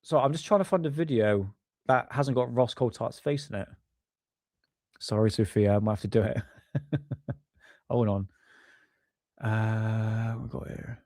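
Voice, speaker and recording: A man's voice: lowish voice, measured pace, pauses often, a little mellow, no room sound, studio quality. A man casually hosting a live stream, rambling, apologizing often and swearing offhandedly. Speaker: livestream host.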